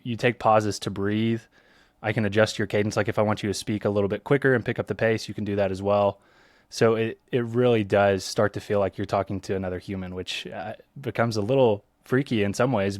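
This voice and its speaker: A man's voice: on the low side, no echo, studio quality. A man from Eastern Kentucky hosting a podcast, talking casually with lots of ums. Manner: relaxed, many ums and restarts. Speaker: podcast host.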